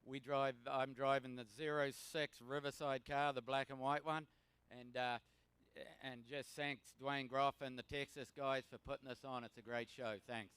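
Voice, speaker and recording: Male driver from New Zealand, flat even voice, very smooth, dry. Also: mid-range voice, normal speed, dry recording. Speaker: race driver.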